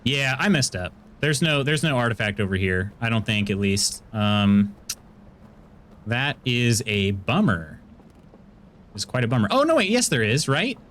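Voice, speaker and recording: A man's voice: a little slow, a little hiss or hum. American man streaming a game, chatty and playful. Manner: chatty and playful, jumps into high excited bursts. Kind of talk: casual gameplay commentary, chatting with viewers.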